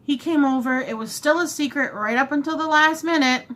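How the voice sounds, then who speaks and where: A woman vlogger casually telling a long story while eating, chatty and animated, often acting out what she and others said. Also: high voice, a little fast.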